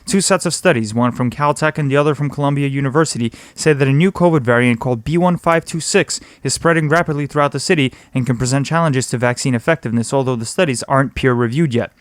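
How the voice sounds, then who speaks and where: Brisk man reading a news roundup. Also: medium pitch, dry recording, clean studio sound. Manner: brisk, steady read. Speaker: news podcast host.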